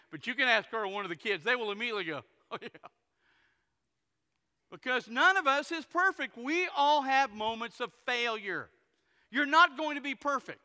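A pastor preaching a sermon, telling stories folksily and acting out the characters. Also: male voice, very high-pitched, pushed and bright. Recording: long hall reverb.

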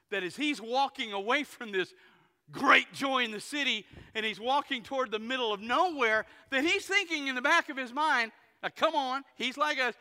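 A pastor preaching a sermon, telling stories folksily and acting out the characters. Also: male voice, very high-pitched, pushed and bright. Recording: long hall reverb.

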